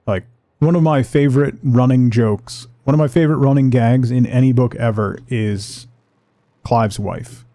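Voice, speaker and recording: A man chatting casually with his viewers while playing a game on a livestream, relaxed and rambling. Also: mid-range voice, moderate pace, dry recording. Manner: relaxed, rambling, talks to chat. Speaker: streamer.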